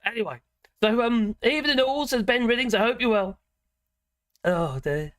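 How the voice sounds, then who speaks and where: Chatty woman, lively rambling voice. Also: fairly high pitch, moderate pace, long pauses, no room sound, clean studio sound. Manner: rambling, chatty, self-interrupting with frequent laughs. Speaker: livestream host. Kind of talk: casual live chat reading viewer comments.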